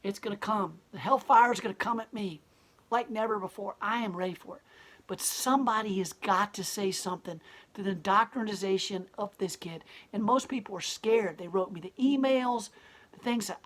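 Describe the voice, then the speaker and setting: Husky-voiced blunt, defiant woman. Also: medium pitch, moderate pace. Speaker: gallery owner and protester. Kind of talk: impassioned interview monologue.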